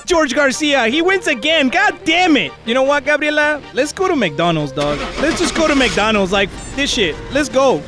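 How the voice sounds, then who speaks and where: A man with a very high, animated voice that leaps all over the place, chatting through a VR game. He gets excitable and shouts when scared, then drops back into easy banter. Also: moderate pace, hardly any pauses, over music. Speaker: VR game streamer. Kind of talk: casual gameplay chat.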